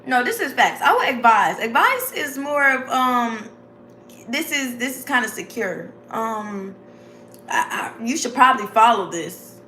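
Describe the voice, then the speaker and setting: A vlogger rambles through a casual, chatty motivational talk, laughing often and calling her viewers "y'all" and "babes." Her voice is a little high and bright, with a pushed quality, big pitch swings and a measured pace. The room is echoey, with faint noise behind her.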